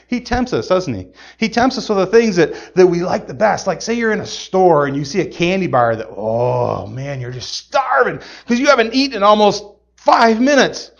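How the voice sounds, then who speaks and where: A man giving a playful, animated object lesson to children, exclaiming and laughing as he goes. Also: sits high, moderate pace, vocal fry, highs cut off. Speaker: children's gospel magician.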